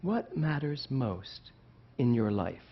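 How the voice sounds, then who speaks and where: Animated male minister preaching. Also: mid-range voice, takes it slowly, slightly rough, dull audio. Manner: animated preaching, swinging between loud and hushed; asks the congregation questions. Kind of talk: sermon. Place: church sanctuary.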